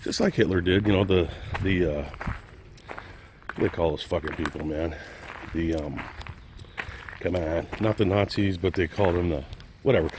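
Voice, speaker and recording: Man, deep voice, angry profane vlog rant, outdoors, faint background noise. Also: normal speed, long pauses. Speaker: vlogger. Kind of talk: casual rant to camera.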